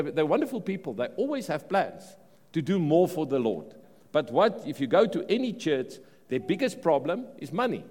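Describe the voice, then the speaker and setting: South African male preacher, fairly high voice, lively swooping delivery, sermon in a big echoing hall. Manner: animated preaching, repeats words and restarts phrases. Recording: long reverb of a large hall.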